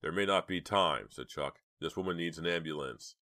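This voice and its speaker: A man's voice: low-pitched, moderate pace, sharp tone. A man voicing a brave teenage boy in an audiobook, speaking with urgent, firm, raised lines. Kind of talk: audiobook reading.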